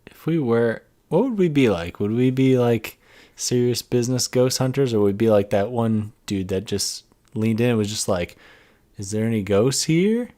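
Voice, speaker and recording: Man, podcast co-host, dry teasing humor, medium pitch. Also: moderate pace, dark tone. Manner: wry, teasing, acts out quotes with gasps. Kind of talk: casual chat.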